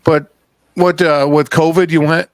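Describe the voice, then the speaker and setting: A man's voice: on the high side, level tone, measured pace, clear, resonant tone, no room sound. A man hosting a podcast, chatting casually and telling stories bluntly with plenty of swearing. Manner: blunt, profane storyteller. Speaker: podcast host. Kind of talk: casual chat.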